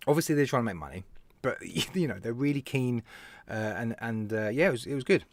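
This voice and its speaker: A man with a British accent hosting a casual live stream, telling stories in an animated way, laughing and talking to viewers by name. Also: medium pitch, fairly quick, slight background noise. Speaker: live show host, vape reviewer.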